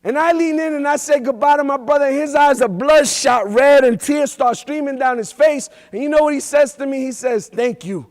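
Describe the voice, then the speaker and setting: A man's voice: very high voice, a little fast, few pauses. A man giving a motivational keynote speech full of stories, talking emphatically with street slang and lots of repetition. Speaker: keynote speaker. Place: large event hall. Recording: echoey hall reverb.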